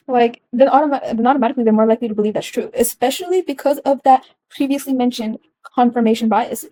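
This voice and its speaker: Young woman talking it through, kinda high voice, mellow tone, lots of ums and restarts, dry sound. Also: normal speed, no room sound, rough recording. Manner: earnest, with frequent ums and restarts. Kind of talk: casual explanatory talk.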